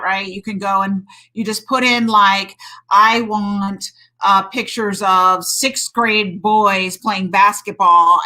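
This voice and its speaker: A woman's voice: medium pitch, bright, forceful tone, rough recording. A middle-aged woman doctor and hormone coach talking emphatically on a live stream, greeting viewers and saying "friggin'" a lot.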